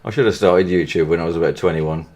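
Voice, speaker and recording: A man's voice: sits low, steady tone, quick pace, darkish tone. A man who is a gaming YouTuber, chatting casually over his gameplay and repeatedly breaking into laughter. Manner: giggly, keeps breaking into laughter.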